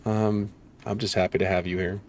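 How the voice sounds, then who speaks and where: A man's voice: on the low side, little pitch movement, moderate pace, a little hiss or hum. A man streaming games, chatting casually, swearing freely and laughing in disbelief. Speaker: gaming streamer.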